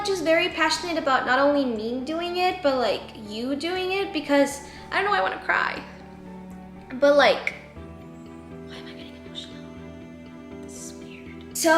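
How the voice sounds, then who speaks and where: A woman's voice: on the high side, bright, forceful tone, reverberant. A woman in her twenties, a boutique owner, giving a heartfelt and emotional motivational talk, rambling and teary with her voice cracking. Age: 20s. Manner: emotional, rambling, says "like" and "you know" a lot.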